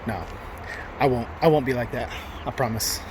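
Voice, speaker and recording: A man's voice: medium pitch, moderate pace, background noise. A man vlogging casually to camera as he walks around a small mountain town, joking and rambling with lots of fillers. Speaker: trucking vlogger. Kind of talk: casual vlog chat to camera.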